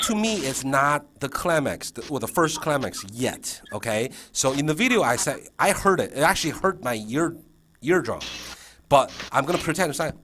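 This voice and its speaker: A man's voice: mid-range voice, animated, moderate pace, background noise. A man training a new teacher in a casual session, checking in often with frequent fillers and restarts.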